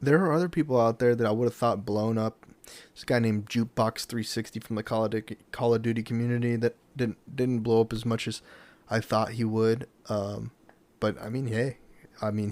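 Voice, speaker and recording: A man with a fairly low voice talks alone to his webcam in a loose, casual way. He rambles, restarts his sentences and leans on fillers as he goes. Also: steady tone, normal speed, a little mellow. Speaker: podcast host. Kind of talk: casual solo talk to camera.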